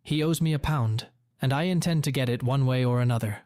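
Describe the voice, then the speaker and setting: A man voicing an angry middle-aged father, blunt and determined, giving forceful retorts in a dry, close read. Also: medium pitch, a little fast, no echo, lightly acted.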